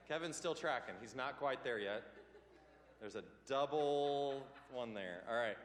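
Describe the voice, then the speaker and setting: A man's voice: mid-range voice, lively intonation, measured pace, pauses often. A man leading a church leadership class in a loose, rambling teaching style, full of ums and self-corrections. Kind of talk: casual teaching talk. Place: church meeting room. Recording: roomy hall with long reverb.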